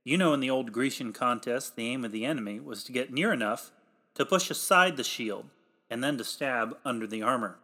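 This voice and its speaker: A man's voice: mid-range voice, brisk. Emphatic formal male preacher. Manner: emphatic, swells louder on exhortations; old-fashioned formal pulpit diction. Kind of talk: read sermon.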